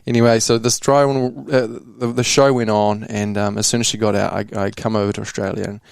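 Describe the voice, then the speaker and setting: A man's voice: on the low side, level tone, a little fast, gravelly, smooth, dry recording, clean studio sound. A young man from New Zealand telling a candid personal story on a casual podcast, slangy and swearing, calling the host bro. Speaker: podcast guest.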